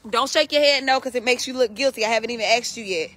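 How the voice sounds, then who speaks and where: A woman's voice: a little high, quick pace, a bit bright, no echo. A woman calling and scolding her farm animals outdoors, as if they were naughty kids. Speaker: vlogger. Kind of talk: casual chat while calling farm animals.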